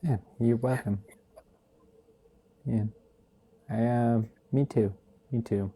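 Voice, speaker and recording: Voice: medium pitch, fairly even intonation, slow, dark tone, slightly rough. A livestream host in casual chat, goofy and laughing often, hesitating with many fillers, on a phone mic.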